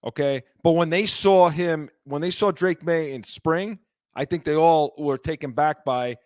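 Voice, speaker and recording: A man's voice: on the high side, a little slow, a little mellow, no room sound, studio quality. A man co-hosting a casual sports talk show, blunt and stammering, repeating words when heated. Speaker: co-host.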